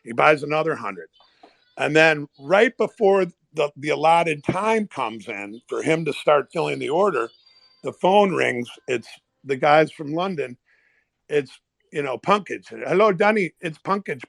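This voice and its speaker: A man, a former pit trader, telling animated stories in casual chat and acting out the people in them. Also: on the high side, unhurried, vocal fry, dry recording. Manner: animated, swearing, acts out quoted people. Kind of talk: casual storytelling. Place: online audio room.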